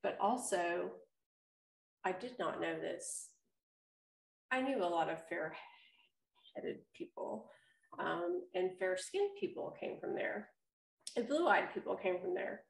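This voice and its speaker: A middle-aged woman co-hosting a podcast in casual chat, explaining things slowly and deliberately. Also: on the low side, animated, vocal fry. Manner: slow, drawn-out explaining. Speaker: podcast co-host. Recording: echoey room.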